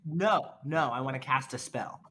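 A player chatting casually during a tabletop role-playing game, in playful, quick banter. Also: mid-range voice, a loud crowd.

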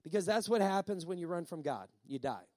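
A male pastor preaching a sermon, emphatic, repeating key lines and slowing down on words for effect. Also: high-pitched, lively intonation, dark tone, no echo.

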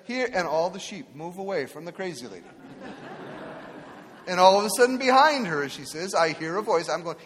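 A pastor delivers a sermon in a high, expressive, slightly bright voice at a moderate pace. He tells humorous stories and acts out the voices of the people in them, with long hall reverb on the recording.

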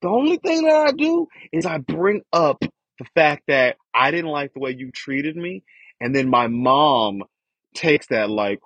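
A young man with a husky voice vents on a podcast, swearing freely and circling back on his complaints in a loose, frustrated monologue. His voice sits at an ordinary pitch. The recording is dull and dry, with a lo-fi quality. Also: sing-song, normal speed, fairly bright tone, no echo. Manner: frustrated profane ranting about family. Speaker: podcast host.

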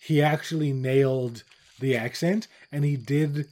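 A middle-aged man from with its holds forth in loose podcast chat. His voice is dark and mellow, and he rants bluntly, swearing freely as he goes. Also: mid-range voice, a little slow. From Newfoundland, Canada. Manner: blunt, profane ranting. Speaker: podcast co-host. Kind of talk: casual chat.

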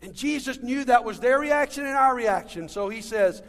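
A man's voice: extremely high pitch, animated, moderate pace, few pauses. A pastor preaching a sermon to his congregation, talking to them directly and calling them friends and guys. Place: church sanctuary. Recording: long reverb of a large hall.

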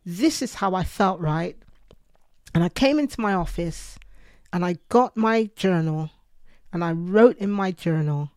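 A woman's voice: lowish voice, lively intonation, measured pace, a little mellow, no echo, clean studio sound. A woman co-hosting a Christian podcast, earnestly telling personal stories and quoting her own prayers. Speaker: podcast co-host.

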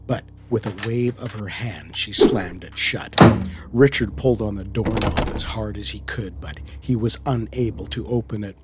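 Slow, low-voiced man reading horror. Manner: slow and measured, often dropping to a hushed whisper. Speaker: narrator. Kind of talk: scripted horror story narration. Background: music.

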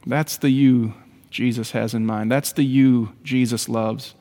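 A man's voice: mid-range voice, fairly even intonation, a little slow, dark tone, big-room sound. A man preaching a sermon as a pastor, earnest and building to emphatic exhortation.

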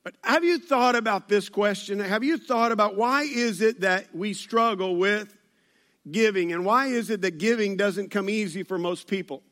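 High-voiced pastor preaching. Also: male voice, moderate pace, fairly bright tone. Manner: conversational, joking with the congregation. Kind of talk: sermon. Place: church service.

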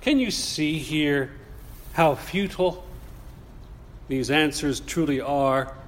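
A male preacher delivering a sermon at an unhurried pace. His voice sits somewhat high and carries a long echo from a large hall. He speaks deliberately, turning often to the congregation with questions. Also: slight background noise. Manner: measured, slow and deliberate, with rhetorical questions to the congregation.

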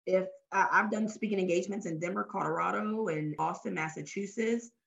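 A woman's voice: mid-range voice, brisk, vocal fry, lo-fi sound. A woman from Louisiana with a Southern US accent, telling stories in a casual interview as a workshop facilitator. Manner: lively storyteller, acts out her workshop lines. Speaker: guest, talent development facilitator.

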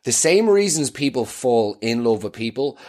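A man's voice: mid-range voice, very animated, normal speed, a little mellow. A young man hosting a podcast, telling comic stories in a rambling, self-mocking way and laughing through them. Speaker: podcast host. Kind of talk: comedic storytelling.

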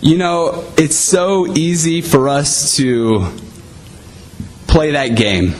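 A man's voice: a little high, big pitch swings, extremely slow, a little hiss or hum, low-quality recording. A man preaching a sermon in a conversational way, often saying "you know".

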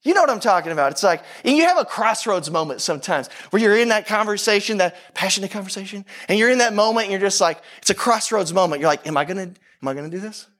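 A middle-aged man with a high-set voice preaches a sermon. He talks with intensity and emphasis, piling up rhetorical questions and repeating his points to drive them home. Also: animated, fast talker, hardly any pauses, fairly bright tone. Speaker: pastor.

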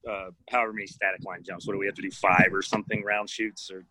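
A man's voice: low voice, little pitch movement, quick pace, pushed and bright, slight background noise. A man, a former Navy SEAL guest, telling jump stories in a laid-back way with dry humor. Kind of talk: casual storytelling chat.

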